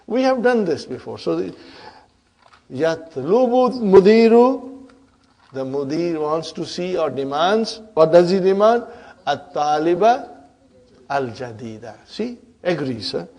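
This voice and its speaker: High-pitched guy teaching arabic grammar, classroom lecture, keeps asking "huh?" to check the class. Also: big pitch swings, measured pace, dark tone. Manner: checks understanding with frequent "huh?" and "brothers and sisters"; repeats and spells out grammar terms step by step.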